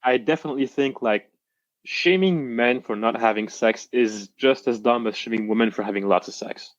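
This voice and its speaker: A young man, a coaching client, telling his story in a casual interview with halting restarts, reenacting what others said. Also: medium pitch, dry recording, dull audio.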